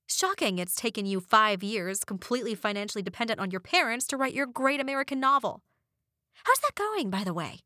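A woman voicing a young sister who snaps back at her brother in sharp, exasperated retorts. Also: a little high, lively intonation, brisk, no echo, clean studio sound, voice pushed up. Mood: angry.

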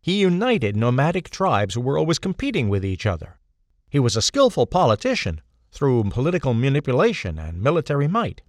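A man's voice: mid-range voice, wildly swooping pitch, a little fast, dry recording, studio quality. A man voicing an earnest adult man who speaks in clipped sentences and explains things matter-of-factly. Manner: clipped, matter-of-fact, drops small words.

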